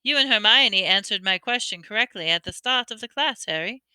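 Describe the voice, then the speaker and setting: A woman voicing a calm, kindly male teacher who gives brisk commands. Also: medium pitch, clean tone, no room sound. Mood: brisk praise.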